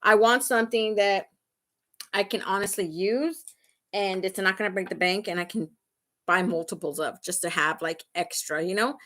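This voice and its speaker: A woman's voice: mid-range voice, fairly even intonation, normal speed, fairly bright tone. Chatty woman hosting a livestream, mid-range voice, loose and rambling, keeps checking in with viewers. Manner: chatty and rambling, laughs often; talks straight to viewers, asking "right?" and "okay?". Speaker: beauty vlogger hosting a livestream. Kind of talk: casual chat during a live makeup tutorial.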